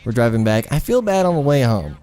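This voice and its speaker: A man's voice: mid-range voice, very animated, a little fast, mellow, faint music behind. A young man telling a personal story over gameplay in a rambling, profane, frank way. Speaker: gaming storyteller.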